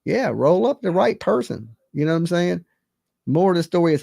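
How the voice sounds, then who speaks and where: A man hosting a casual call-in stream, talking bluntly in slang and cursing, jumping from high exclaims to low mutters. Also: sing-song, normal speed, vocal fry, mellow, no room sound. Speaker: livestream host. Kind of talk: casual call-in chat and commentary.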